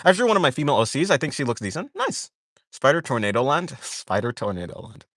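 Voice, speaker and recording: Male streamer, casual chat. He rambles and corrects himself mid-sentence, with lots of "like" fillers, and his pitch swings a lot. Dry, close sound. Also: very animated, very fast, fairly bright tone, no echo. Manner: reads viewer questions aloud and answers them. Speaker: art streamer chatting with viewers.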